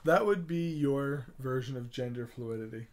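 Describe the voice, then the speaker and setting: A man's voice: medium pitch, moderate pace. A man co-hosting a crude comedy podcast, teasing the others and laughing often. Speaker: podcast co-host. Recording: noisy recording.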